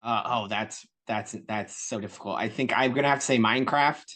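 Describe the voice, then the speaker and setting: A laid-back man talks casually as a guest, joking at his own expense. His voice has a middling pitch. He comes through a glitchy video call that turns robotic at times. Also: fairly quick, pushed and bright. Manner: laid-back, self-deprecating. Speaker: guest creator. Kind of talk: casual interview chat.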